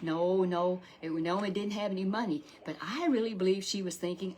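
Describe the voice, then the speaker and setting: Lady telling a folksy sunday bible story to a puppet, mid pitch voice, keeps restarting and repeating. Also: brisk, hardly any pauses, a little mellow. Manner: rambling, repetitive, with many restarts and asides to the puppet.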